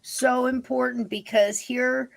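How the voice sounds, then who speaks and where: A woman's voice: high-pitched, steady tone, slow pace, gravelly, slight background noise. A woman hosting a podcast interview, talking emphatically and speaking directly to her listeners. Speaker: podcast host.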